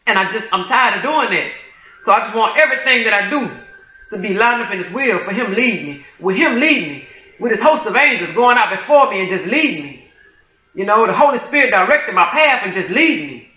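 A Christian video creator shares a prophetic dream with her online viewers, her mid-range voice bright, forceful, tense, and piercing. She pours out praise and testimony with fervent exclamations. The home recording sounds dull and lo-fi in a reverberant room.

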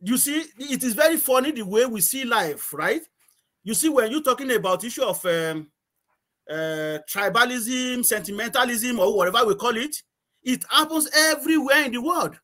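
Man from nigeria, high voice, rambling interview chat, repeats himself, laughs a lot. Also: expressive, normal speed, pushed and bright. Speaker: guest.

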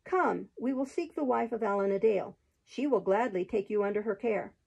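A woman's voice: mid-range voice, normal speed, gravelly, darkish tone, husky, low-quality recording. A woman reading aloud, voicing a confident, good-humored male outlaw leader in a storybook. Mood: warm.

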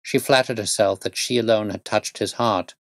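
A man voicing a calm, stern male detective who explains things in a measured, precise way. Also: fairly low pitch, no room sound, studio quality, natural voice.

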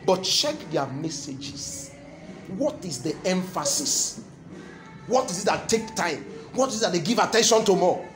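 A man with a Nigerian accent preaches a sermon in a high-pitched, very animated voice at normal speed, soft music playing behind him. He trades call-and-response with his congregation, repeating key phrases and repeatedly asking "what?" so the crowd finishes his lines.

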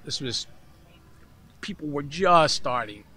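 Speaking slowly in a slightly high voice, a man guesting on a podcast spins a long anecdote and performs the voices of its characters with animation. He's a keyboard player, interviewed casually at festival grounds, outdoors or backstage.

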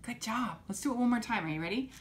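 A woman teaching young children, gently coaxing them to repeat simple phrases after her. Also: fairly high pitch, fast talker, slight background noise. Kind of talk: children's lesson.

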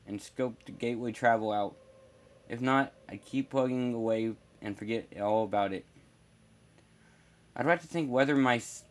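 A man narrating a first-person horror story in a plain, wry storytelling manner. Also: medium pitch.

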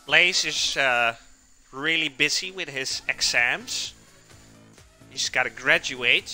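A man's voice: mid-range voice, measured pace, sharp tone, soft background music. A man hosting a live cooking stream, chatting casually with viewers and answering chat while he cooks in a home kitchen.

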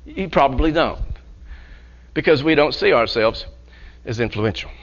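A man's voice: medium pitch, animated, normal speed, muffled recording. A male pastor preaching a sermon in church, restarting phrases, repeating words and chuckling often.

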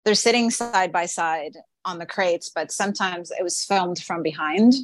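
A woman's voice: lowish voice, normal speed. A woman earnestly asking a detailed interview question on a podcast.

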